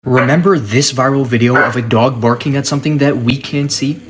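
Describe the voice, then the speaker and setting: A man's voice: mid-range voice, fairly quick, noisy background. A man giving scripted narration of a creepy story in a teasing, suspense-building way.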